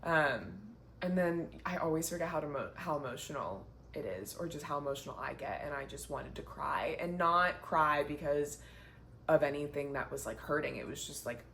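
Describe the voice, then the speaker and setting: A woman's voice: low voice, moderate pace, fairly bright tone. A young woman talks to the camera in a casual sit-down chat, chatty and heartfelt, with lots of "like" fillers. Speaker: vlogger, marathon runner. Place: indoors, sitting down. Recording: faint background noise.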